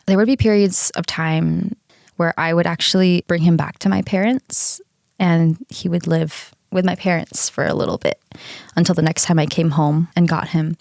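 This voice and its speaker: Young woman host, casual storytelling, frank and profane, quick laughs, dry close mic. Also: fairly low pitch, fairly even intonation, creaky, darkish tone, no room sound. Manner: candid, swears casually, laughs often. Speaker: podcast host.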